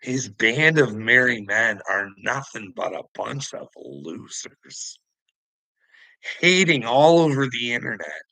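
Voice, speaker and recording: A man's voice: mid-range voice, animated, takes it slowly, creaky, bright, forceful tone, no echo, poor audio. A man delivering an angry, scornful monologue that is heavy on swearing, calling out people online. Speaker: online commentator. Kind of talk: profane ranting monologue.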